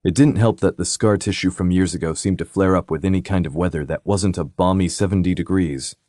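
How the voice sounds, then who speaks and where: A man narrating a romantic suspense audiobook in a steady, even reading. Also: low-pitched, fairly quick, dry recording, studio quality. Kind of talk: scripted narration.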